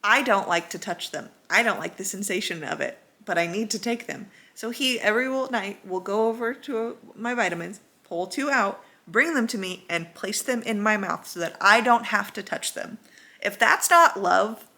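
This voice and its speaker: A woman's voice: medium pitch, normal speed, hardly any pauses, bright, forceful tone. A young woman vlogger casually rambling about a book she loves, swearing and acting out quotes. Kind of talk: casual chatty book review.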